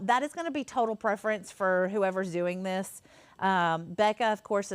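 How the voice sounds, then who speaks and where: A woman walks through a craft project in an easygoing, rambling way, full of ums and asides. Her voice sits at an ordinary middle pitch, and the sound is close and dry with no room echo. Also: clear, resonant tone. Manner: chatty and rambling, many fillers. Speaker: craft host. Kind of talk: casual craft tutorial.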